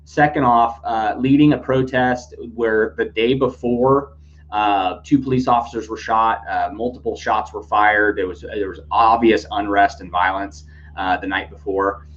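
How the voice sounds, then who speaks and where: Speaking a little slowly in a fairly low, steady voice with a slightly bright edge, this man hosts a casual news commentary podcast. He rambles, often using fillers and starting over. A faint hum runs under the dull, lo-fi recording.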